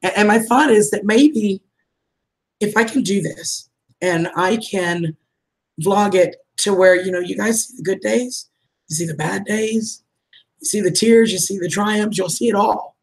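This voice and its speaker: A woman in her fifties talks straight to her livestream audience in a relaxed, chatty way. Her voice is husky and a little breathy. She greets viewers by name, calls them honey and sweetheart, and laughs often. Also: medium pitch, unhurried, low-quality recording. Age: 50s. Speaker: livestream vlogger. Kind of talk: casual livestream chat reading viewer comments.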